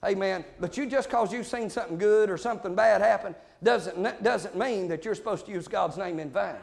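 A preacher man with a very high, strained voice and a gravelly edge. He shouts and fires off his lines at speed, dropping amens between them. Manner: shouting, rapid-fire with frequent amens. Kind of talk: fiery Pentecostal-style sermon.

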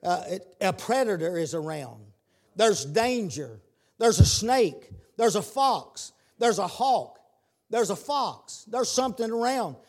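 A man preaching a sermon, repeating his words and building to shouted calls. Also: high-pitched, very animated, slow.

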